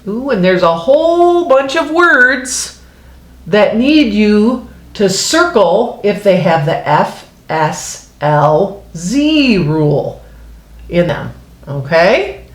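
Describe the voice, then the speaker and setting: A woman's voice: mid-range voice, roomy sound. A woman teaching a reading lesson to young children, patient and sing-song, showing pages as she explains. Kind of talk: early-grade phonics lesson.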